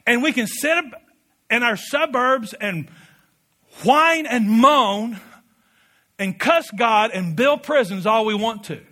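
A man preaching a sermon with passion, building to loud peaks and dropping to quiet asides, leading the congregation in call-and-response. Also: very high voice, lively intonation, measured pace. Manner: impassioned, rising to shouted peaks, drops to quiet asides. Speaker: pastor.

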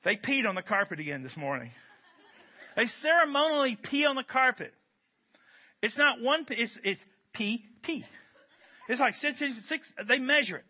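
A male pastor delivers a sermon in an animated, joking, conversational way. His voice sits high and sounds very bright, and the recording is dull and lo-fi. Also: moderate pace, pauses often.

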